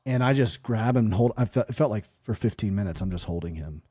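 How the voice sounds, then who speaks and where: Earnest man with a dark, dry voice. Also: lowish voice, quick pace, slightly rough, no echo. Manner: earnest, frequent fillers and restarts. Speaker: podcast co-host. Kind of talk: conversational storytelling.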